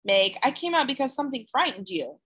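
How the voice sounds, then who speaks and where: Woman doing a little boy, wise beyond his years, calm, knowing, bright high storybook voice. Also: fairly quick, slightly rough, exaggerated voice.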